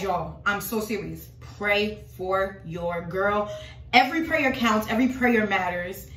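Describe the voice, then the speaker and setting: A woman's voice: a little high, a bit bright, roomy sound. A woman talking casually and dramatically to her followers about her faith, calling them y'all. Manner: emphatic, dramatic, addresses viewers as y'all. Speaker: religious vlogger.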